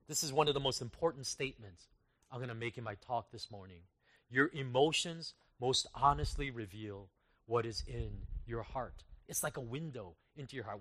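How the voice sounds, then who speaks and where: A male pastor giving a conversational, self-deprecating sermon, swinging between loud emphasis and quiet trailing phrases. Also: mid-range voice.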